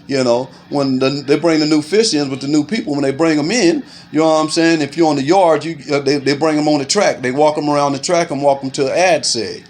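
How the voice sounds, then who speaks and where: A middle-aged man telling a street story to camera in animated, profane casual talk, filling it with "you know what I'm saying" and punching sounds. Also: on the high side, brisk, few pauses, slight background noise. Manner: makes punching sounds aloud.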